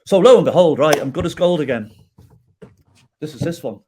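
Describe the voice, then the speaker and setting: A man's voice: on the high side, animated, brisk, background noise. A middle-aged man telling his own story as a podcast guest, acting out quoted dialogue and often checking in with the host. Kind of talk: storytelling in an interview.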